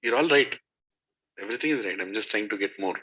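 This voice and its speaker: A spiritual teacher gives a devotional talk to a satsang group, telling stories and putting questions to his listeners. His fairly low voice is expressive, quick, pushed and bright, captured on a dull lo-fi recording.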